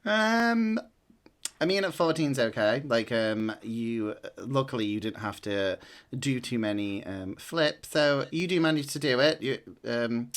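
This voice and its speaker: A man's voice: mid-range voice, animated, a little slow, fairly bright tone. Rambling man running a tabletop game. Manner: rambling, many fillers. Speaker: game master.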